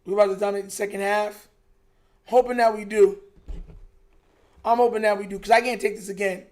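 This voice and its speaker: A man's voice: high voice, steady tone, fairly quick. A young man hosting a live stream, reacting to a football game in casual, frustrated, emphatic chat. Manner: frustrated, emphatic, repeats himself, says "bro" a lot.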